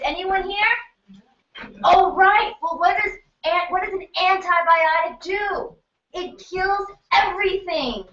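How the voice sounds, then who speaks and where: High-voiced woman running a health workshop, keeps quizzing the room, echoey and far off the mic. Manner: animated, quizzes the audience with questions. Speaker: health practitioner leading a cleanse orientation. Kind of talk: lively workshop lecture to a live audience. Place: event room in New York City. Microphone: distant room mic. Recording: echoey room, distant mic, muffled, faint noise.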